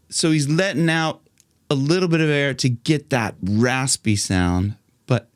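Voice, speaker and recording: An American man from Ohio teaching singing, joking around and singing phrases in a high belt to demonstrate. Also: unhurried, no room sound, studio quality. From Ohio, United States. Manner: playful, jokey, demonstrates lines in a high belt. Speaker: vocal coach. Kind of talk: singing tutorial.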